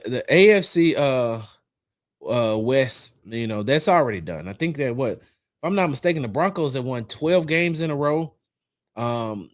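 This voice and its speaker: A man hosting a casual sports talk stream, riffing on games in an animated way and repeating his points for emphasis. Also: mid-range voice. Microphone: streaming setup, close mic.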